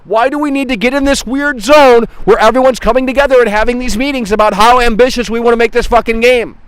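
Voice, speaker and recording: Brief: high-pitched, profane male streamer, mocking rant at chat, dry close sound. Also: steady tone, fast talker, smooth, no echo, poor audio. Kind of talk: livestream gaming rant.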